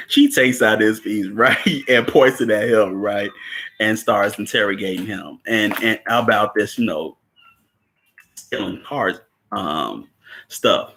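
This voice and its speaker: Guy with a bright voice chatting about a movie, lots of laughs and you know what i'm sayings. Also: unhurried. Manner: laughs often, repeats words, acts out quotes in a higher voice. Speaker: host recapping a film. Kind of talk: casual film commentary.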